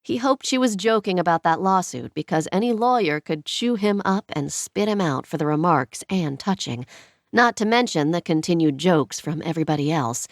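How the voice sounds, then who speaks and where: A woman reads scripted narration from a romantic comedy audiobook, telling the story in an even manner. Her pitch is fairly low and her speed normal, and the recording is dry with clean studio sound.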